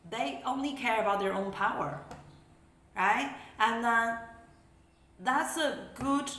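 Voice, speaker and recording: A woman's voice: on the low side, pushed and bright, reverberant. A woman spiritual life coach giving an earnest talk, often tagging her sentences with "right?" and repeating words as she goes. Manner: repeats words, non-native phrasing. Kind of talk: energy update talk to camera.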